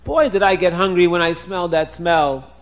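A man's voice: high voice, fairly even intonation, normal speed. A man doing an eager, bumbling hungry husband. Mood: curious. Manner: eager, sniffing, rambling musings.

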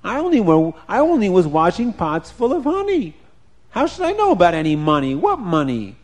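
A man's voice: high voice, huge pitch swings, moderate pace, pitched above the performer's own voice, full character voice. A man voicing a sly male thief who protests his innocence in a raised, wheedling voice. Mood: protesting innocence.

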